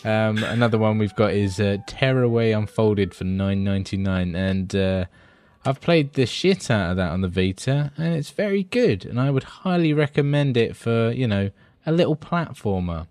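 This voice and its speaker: A man's voice: on the low side, normal speed, a little mellow, clean tone, dry recording. A man co-hosting a casual gaming podcast, laid-back and easily amused, with casual swearing. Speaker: podcast co-host. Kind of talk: casual gaming news chat.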